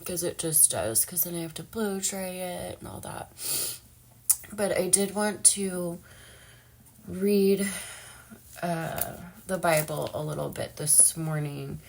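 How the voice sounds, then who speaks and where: A woman's voice: lowish voice, slow pace, vocal fry, pauses often, darkish tone. A young woman talking casually and emotionally in a personal vlog, chatty and full of fillers. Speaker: vlogger.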